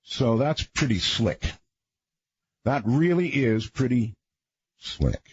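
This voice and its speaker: Man, radio host, husky, rambling monologue, dull lo-fi dry sound. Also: medium pitch, very animated, slow, no echo. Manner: rambling, conversational, folksy asides. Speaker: radio talk show host. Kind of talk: late-night radio monologue.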